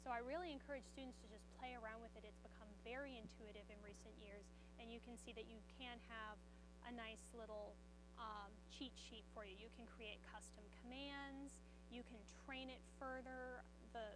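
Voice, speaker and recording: A woman from the southern United States giving an upbeat conference presentation, demonstrating software and answering audience questions. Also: fairly high pitch, steady tone, moderate pace, background noise. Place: conference room.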